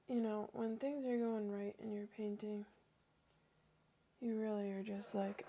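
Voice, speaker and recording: A young woman chatting casually on a livestream as she paints, self-deprecating and often dropping into soft near-whispers. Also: medium pitch, level tone, a little slow, creaky. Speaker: art livestreamer.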